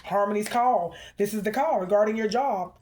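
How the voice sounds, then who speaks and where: At a moderate pace, a spiritual reader delivers a collective reading with emphasis, calling on the ancestors and often checking in with "okay?" as she talks to the viewer. Her medium-pitched voice has a darkish tone, and there is slight background noise.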